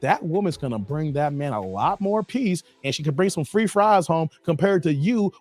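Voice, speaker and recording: A man's voice: on the high side, dry recording. Chatty male livestream commentary host. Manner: chatty, reads chat aloud, repeats phrases. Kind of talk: livestream commentary reacting to clips.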